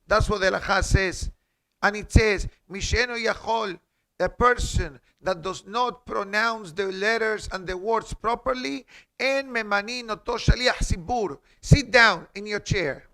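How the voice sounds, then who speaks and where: A man's voice: high voice, unhurried, bright, forceful tone. A man giving a class as a rabbi in a synagogue, teaching in an emphatic way, quoting Hebrew and asking rhetorical questions. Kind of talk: halakha class.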